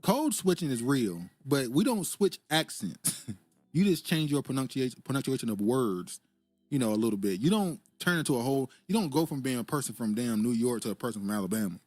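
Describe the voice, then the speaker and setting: A man's voice: medium pitch, expressive, a little fast, a little mellow, no room sound, faint music behind. Laid-back man reading live chat. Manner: laid-back, laughs often, reads viewer comments aloud. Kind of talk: casual political commentary.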